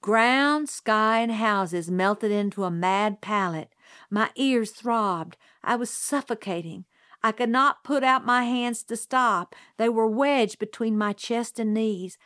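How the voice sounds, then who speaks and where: A woman narrating a novel aloud in a measured, even storytelling manner. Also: fairly high pitch, dry recording, studio quality. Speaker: audiobook reader. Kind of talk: scripted narration.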